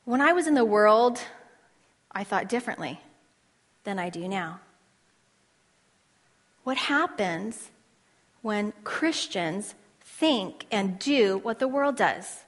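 A woman teaching a women's Bible study with passion, swinging between loud declarations and hushed asides and asking her listeners questions for a response. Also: mid-range voice, animated, slow pace, long pauses, long reverb tail. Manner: asks the audience questions for response. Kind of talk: passionate sermon.

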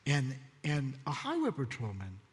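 A man's voice: mid-range voice, measured pace. Man preaching in a reverberant hall. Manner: storytelling, acts out quotes, swings from hushed to excited. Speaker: pastor. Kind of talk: sermon testimony.

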